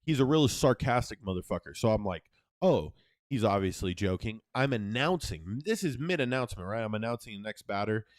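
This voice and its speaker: A young man co-hosting a casual podcast, telling a story in a profane, animated way. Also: medium pitch, fast, hardly any pauses, no echo, studio quality. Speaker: podcast co-host.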